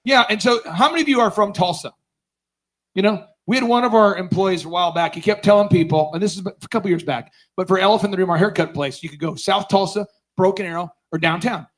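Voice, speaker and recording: A middle-aged man speaks into a stage microphone at a business conference, his voice sitting high. He tells a comic story with loud, animated bursts and laughs mid-sentence. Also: fast talker, rough recording. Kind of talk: comedic storytelling keynote. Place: conference stage before a live audience.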